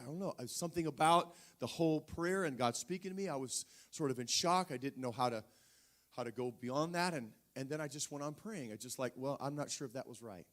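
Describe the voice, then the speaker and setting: A male preacher telling a personal story in a sermon, talking conversationally with frequent restarts and fillers. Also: mid-range voice.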